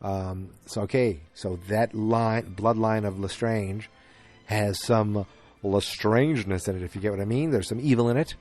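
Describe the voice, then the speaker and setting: Podcast guy with a lowish voice, rambling recap, lots of um and restarts. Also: moderate pace, darkish tone, soft background music. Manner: rambling, with many fillers and restarts. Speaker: podcast host. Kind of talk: casual movie recap.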